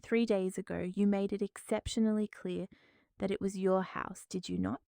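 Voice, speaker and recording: A woman's voice: mid-range voice, normal speed, creaky, no room sound, lightly acted. A woman reading a cold, dignified businesswoman. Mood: coldly calm. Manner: calm, cool, authoritative.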